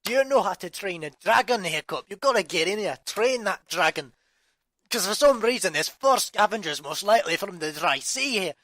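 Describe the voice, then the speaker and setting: A booming Viking chief, Stoic the Vast. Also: male voice, lively intonation, normal speed, dry recording. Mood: bellowing. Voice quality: loud, rolling brogue. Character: gruff booming Scottish-sounding Viking chief.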